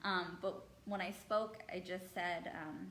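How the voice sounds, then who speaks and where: A woman's voice: fairly low pitch, steady tone, takes it slowly, fairly bright tone, a little hiss or hum. Earnest woman guest, roomy sound. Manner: earnest, hesitant with many ums. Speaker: guest sharing her experience. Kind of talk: personal testimony in an interview.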